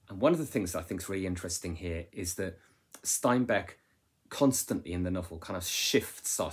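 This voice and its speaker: A man's voice: deep voice, husky. A man teaching a literature lesson in a conversational way, often checking in with rhetorical tag questions. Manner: restarts and fillers while explaining. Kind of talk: recorded lesson on a novel.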